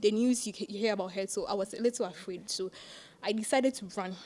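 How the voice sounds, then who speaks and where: A young woman co-hosting a podcast, telling a school story in a casual, animated way and laughing often. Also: mid-range voice, fast. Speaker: podcast co-host. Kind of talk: casual chat.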